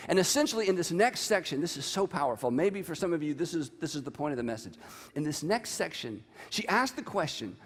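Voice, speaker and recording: Animated man preaching in a reverberant hall. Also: a little high, brisk, husky. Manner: animated, reads scripture aloud with emphasis. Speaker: pastor. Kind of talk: sermon.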